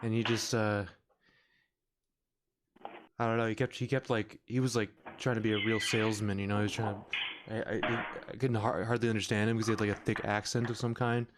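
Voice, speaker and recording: A man's voice: fairly low pitch, flat delivery, fairly quick, noisy background. A man hosting a podcast in casual chat, rambling and full of fillers, laughing often. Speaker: podcast host. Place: podcast recording room.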